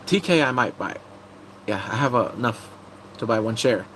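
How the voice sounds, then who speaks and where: A man's voice: medium pitch, brisk, fairly bright tone, slight background noise, low-quality recording. A man chatting casually on a live stream, muttering asides to himself as he reads entertainment and gaming news aloud.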